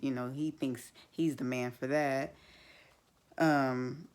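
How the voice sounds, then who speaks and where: A woman's voice: a bass voice, flat delivery, measured pace, clear, resonant tone. A woman recapping a reality TV episode in a blunt, chatty way, full of fillers and frank opinions. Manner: blunt, chatty, many fillers like "like" and "you know". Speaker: TV show reviewer.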